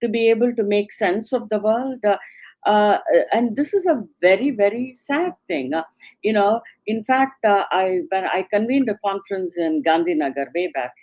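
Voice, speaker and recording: A woman professor from India speaking as an interview guest, thoughtful and hesitant with many pauses and fillers. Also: mid-range voice, a little mellow, low-quality recording. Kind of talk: reflective interview talk.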